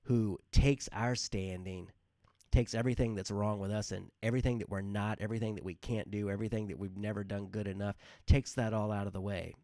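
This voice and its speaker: A man's voice: lowish voice, fairly even intonation, a little fast, mellow, no room sound, studio quality. A man hosting a devotional talk, speaking earnestly and informally with many fillers and repeated words. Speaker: devotional podcast host.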